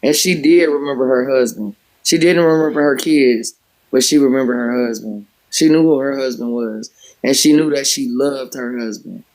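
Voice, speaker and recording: A man's voice: medium pitch, normal speed, rough recording. A man hosting a livestream, telling a story in a loose, rambling way with many filler words. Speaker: livestream host; former home health care worker. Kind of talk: casual storytelling chat.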